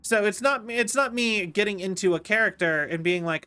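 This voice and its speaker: Bright-voiced rambling male streamer. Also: sits high, normal speed, clean tone. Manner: rambling, self-interrupting, playful. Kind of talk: casual gameplay commentary.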